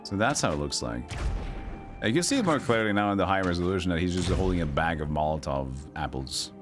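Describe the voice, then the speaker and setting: A young man chats loosely while he streams, rambling from topic to topic and reading chat messages. His voice sits low and deep. Game music plays clearly under his talk. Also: animated, brisk. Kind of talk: casual chat while playing a video game. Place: home streaming setup.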